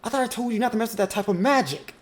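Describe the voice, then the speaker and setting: A woman's voice: a little high, rapid-fire, voice pushed up, natural voice. A game master voicing a stern older sister who runs a shop and lectures her younger siblings in an exasperated tone. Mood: scolding.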